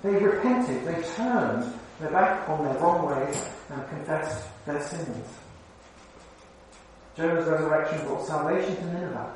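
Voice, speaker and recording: High-voiced male preacher in echoey church. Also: animated, unhurried, a little hiss or hum. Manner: conversational, asks the congregation questions. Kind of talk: sermon. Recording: very echoey hall, mic far off.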